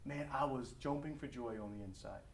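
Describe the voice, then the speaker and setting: A male pastor with a medium-pitched, brisk voice and some vocal fry preaches in a conversational style in a church or school hall. The room is echoey, the mic sits at a distance, and there's a little hiss or hum. He's animated, acting out family dialogue.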